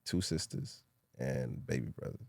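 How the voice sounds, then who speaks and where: A man's voice: very deep voice, lively intonation, measured pace, creaky, dry recording. A man from Miami, a podcast guest, telling stories from his life in a laid-back, reflective way with casual slang. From Miami, Haitian family. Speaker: podcast guest, former football player. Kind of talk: casual interview storytelling.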